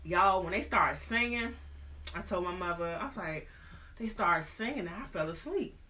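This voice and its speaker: Animated, slangy woman host. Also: fairly low pitch, moderate pace. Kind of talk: casual storytelling.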